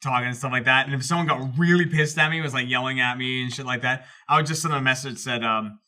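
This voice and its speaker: Very bright male podcaster who laughs often. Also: mid-range voice, fast. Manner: laughs through his stories. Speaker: podcast co-host. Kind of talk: casual chat.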